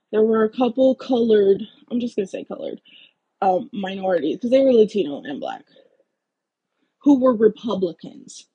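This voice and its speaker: A woman's voice: mid-range voice, mellow, husky, poor audio. A woman vlogger giving a heated, blunt political rant full of swearing. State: out of breath.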